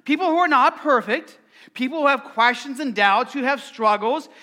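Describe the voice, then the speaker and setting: Brief: middle-aged male preacher, very high bright voice, playful and engaging with the crowd. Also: normal speed. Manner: lively, playful, asks the congregation questions. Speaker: pastor. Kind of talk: sermon.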